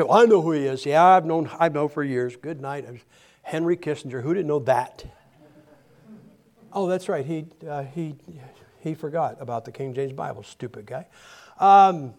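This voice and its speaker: A male preacher with a notably high-pitched voice delivers a lively, joking sermon. He stumbles over his words and repeats himself as he reads from scripture. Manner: animated, humorous, with frequent restarts.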